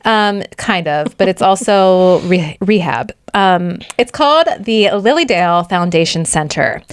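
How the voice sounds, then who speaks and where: A woman's voice: lowish voice, lively intonation, a little slow, smooth, no room sound, clean studio sound. A woman co-hosting a podcast, chattily recapping a book plot with sarcastic asides and frequent laughs. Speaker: podcast co-host.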